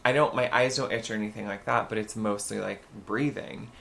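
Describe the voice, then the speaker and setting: Gravelly guy cohosting a podcast, bright edgy tone, gossipy animated storytelling. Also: on the low side, fairly quick. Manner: animated, gossipy storyteller with sudden loud outbursts. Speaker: podcast co-host. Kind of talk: casual chat.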